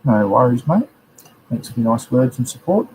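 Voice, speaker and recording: Relaxed Australian man, rambling host. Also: medium pitch, moderate pace, a little hiss or hum, poor audio. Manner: relaxed, rambling, chatty with slang. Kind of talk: casual live-stream chat, reading chat messages.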